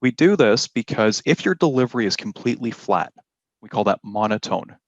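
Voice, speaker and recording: A man teaching an exam-prep class, explaining slowly and deliberately and stressing key words. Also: lowish voice, animated, no room sound, muffled recording. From Canada. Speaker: IELTS teacher. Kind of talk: classroom lesson.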